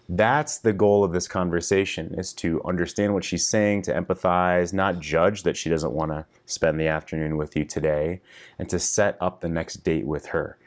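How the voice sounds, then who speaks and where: A man's voice: low-pitched, steady tone, moderate pace. A middle-aged man coaching husbands in a frank, casual video lesson, swearing freely as he explains. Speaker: relationship coach.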